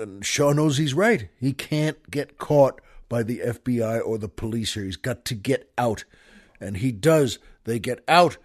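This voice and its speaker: A man hosting a podcast, retelling a favorite film scene in an enthusiastic, rambling monologue full of restarts and asides to the listeners. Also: mid-range voice. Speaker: podcast host. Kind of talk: casual storytelling monologue.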